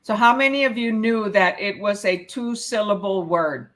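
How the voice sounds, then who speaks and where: A woman's voice: mid-range voice, moderate pace. A woman teaching a live real estate exam prep class, reading questions aloud and explaining the answers, often checking in with "okay?".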